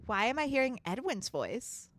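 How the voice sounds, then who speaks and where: A woman's voice: fairly high pitch, very animated, moderate pace, a bit bright, a little hiss or hum. A woman streaming a game, chatting casually, swearing freely and laughing often. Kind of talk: casual gaming commentary.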